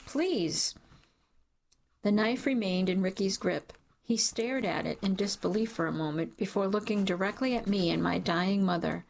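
A woman reading a dark first-person story aloud in a measured, dramatic way. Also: medium pitch, vocal fry. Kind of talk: scripted audiobook narration.

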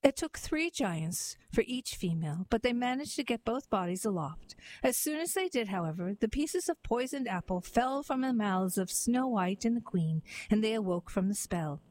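A woman reading a comic story and poems aloud in an even, measured way. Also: on the high side, low-quality recording. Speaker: reader.

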